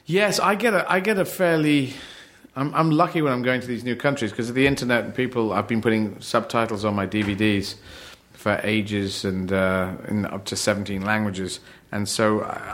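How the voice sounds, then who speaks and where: Rambling, animated man in conversation. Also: on the low side, a little fast, few pauses. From Yemen. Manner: rambling, animated, many restarts; acts out other people in raised voices. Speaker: comedian. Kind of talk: casual chat.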